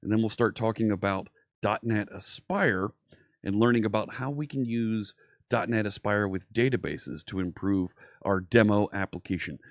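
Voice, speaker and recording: A man's voice: fairly low pitch, normal speed, no room sound, studio quality. A man hosting a live coding stream, chatty and upbeat, greeting viewers in the chat by name.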